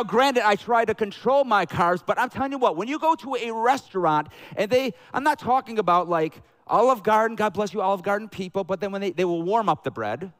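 A man with a Southern American accent preaching a sermon to his church, telling jokey stories with bursts of excitement. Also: sits high, a little fast, few pauses. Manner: jokey, animated storytelling with bursts of loud excitement. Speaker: pastor. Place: church sanctuary with a congregation.

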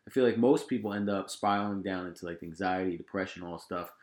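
Casting: young male podcast host, low voice, easygoing chat, echoey room. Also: quick pace, darkish tone. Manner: laid-back, many fillers and restarts. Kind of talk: casual conversation.

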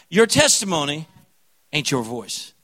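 A man with a high, bright voice preaches a revival sermon. He is fervent and folksy, dropping to quiet asides and then rising to loud, exhorting calls. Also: big pitch swings, takes it slowly, low-quality recording. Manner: fervent preaching, swings from hushed to loud, folksy country phrases. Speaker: pastor.

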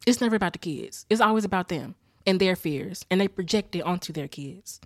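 A woman's voice: fairly low pitch, expressive, fairly quick, dry recording, clean studio sound. A woman recapping a TV episode in a casual, heated rant full of profanity. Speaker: TV episode reviewer.

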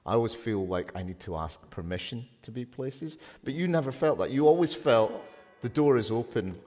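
A man hosting an interview, asking probing questions in a playful, lively way. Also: mid-range voice, fairly quick. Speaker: podcast host, writer. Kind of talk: conversational interview. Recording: long reverberant hall sound.

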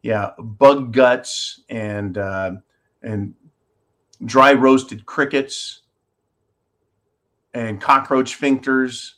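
A man's voice: medium pitch, a bit bright. A man hosting a call-in style commentary show, reading out viewer comments and ranting sarcastically, swearing freely as he rambles. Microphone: holds objects up to a camera while talking.

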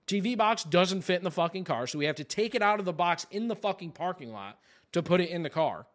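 A man's voice: high voice, expressive, fast. A man, a podcast co-host telling a story in casual chat, with a profane, exasperated delivery.

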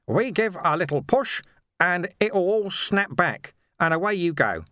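A man voicing a calm, patient old male monk who speaks in a matter-of-fact way. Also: sits high, unhurried, no echo, studio quality, voice pushed up, heavily acted.

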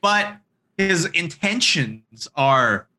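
Guy with a really bright voice, talking casually, gets excited and trips over his own ideas. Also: a little high, drawn-out words, low-quality recording. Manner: excited, thinks aloud with restarts. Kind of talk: casual wrestling fantasy-booking chat.

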